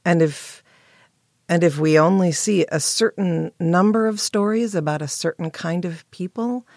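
A woman playwright, hoarse with morning voice, clearing her throat and answering interview questions thoughtfully with pauses and restarts. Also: on the low side, darkish tone, no room sound, clean studio sound. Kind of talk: interview guest.

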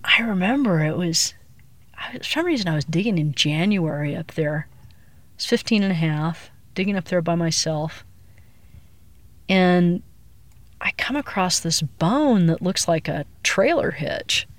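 A woman's voice: on the low side, a little slow, dry recording. Middle-aged woman telling her own story. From Colorado. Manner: lively storyteller, acts out quoted voices. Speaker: interviewee. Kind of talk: recounting a personal story.

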